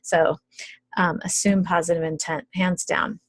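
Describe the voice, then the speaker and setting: A woman's voice: fairly low pitch, level tone, measured pace, dry recording. Chatty woman teaching parents, dry sound. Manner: conversational, many ums and restarts. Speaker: early childhood educator. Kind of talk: video tutorial for parents.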